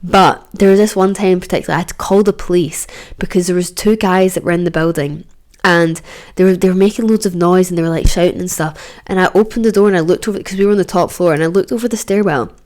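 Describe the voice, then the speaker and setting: Scottish female podcast host in her twenties, slightly low voice, chatty and animated, laughs through her stories. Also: quick pace. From Scotland. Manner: animated, swears freely, laughs mid-sentence, acts out quoted voices. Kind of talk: casual storytelling monologue.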